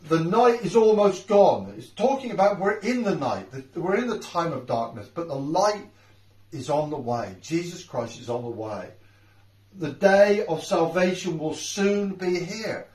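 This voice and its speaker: A man's voice: fairly high pitch, a little mellow. A middle-aged man preaching an informal home sermon, earnest and repeating key phrases for emphasis. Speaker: house church preacher. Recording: roomy sound from a distant mic.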